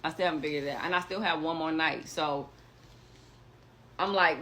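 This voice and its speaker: A young woman telling a story in casual chat, animated and acting out what others said. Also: deep voice, moderate pace, a little hiss or hum. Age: young adult.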